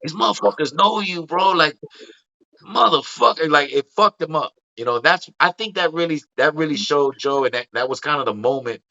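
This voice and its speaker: Bright-voiced Texan man telling stories. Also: a little high, moderate pace. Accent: Texas. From Texas. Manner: animated storyteller acting out quoted voices. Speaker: podcast co-host. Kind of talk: casual storytelling chat. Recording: dull lo-fi audio.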